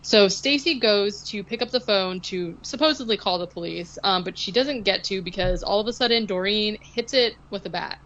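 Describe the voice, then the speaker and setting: A woman's voice: mid-range voice, normal speed, hardly any pauses, fairly bright tone, dull audio. A woman co-hosting a podcast, recapping a film in casual, rambling chat full of likes and ums. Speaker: podcast co-host.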